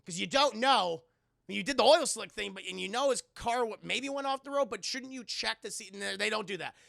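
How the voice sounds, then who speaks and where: A man's voice: high voice, lively intonation, brisk, creaky, fairly bright tone, no echo, clean studio sound. A man giving a rambling, profane, jokey film recap to a live chat. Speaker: streamer and film reviewer.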